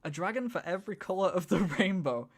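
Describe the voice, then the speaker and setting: A man's voice: high-pitched, animated, quick pace. A man from northern England with a northern accent, casually reading a script aloud on a stream and laughing as he comments on it. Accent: Northern English. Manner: giggly, reads lines then riffs on them.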